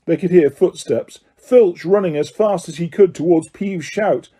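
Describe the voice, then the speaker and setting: A man reading an audiobook with lively, dramatic storytelling. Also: high-pitched, unhurried, breathy edge. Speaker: audiobook narrator. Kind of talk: scripted narration.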